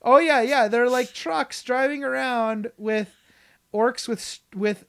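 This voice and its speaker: An enthusiastic podcast co-host in casual chat, gushing about a favorite book. The talk rambles with restarts, fillers and bursts of laughter, at a middle pitch. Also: slow, creaky, a bit bright, smooth.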